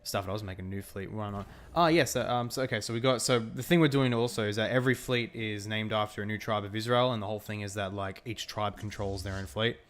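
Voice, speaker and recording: A young Australian man streams a strategy game, talking fast with hardly any pauses in a fairly low, fairly even voice. He chats casually, laughs often and responds to his chat.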